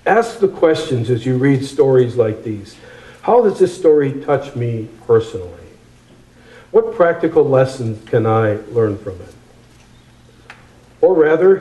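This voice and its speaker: Male preacher, sermon delivery, emphatic with repetitions, dark mellow timbre, echoey room. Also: mid-range voice, very animated. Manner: emphatic, repeats phrases for effect, slows on key words.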